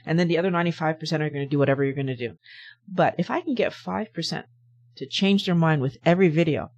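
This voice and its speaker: A woman's voice: low voice, quick pace, a little mellow, highs cut off. A woman hosting a health channel, giving a motivational talk to camera and pressing her point with repeated rhetorical questions. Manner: emphatic, repetitive rhetorical questions.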